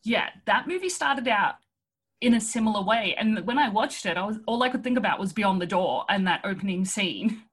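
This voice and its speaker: Husky-voiced woman musing casually. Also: medium pitch, normal speed. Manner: relaxed, agreeable, thinks aloud with fillers. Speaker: podcast co-host. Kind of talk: casual film discussion chat.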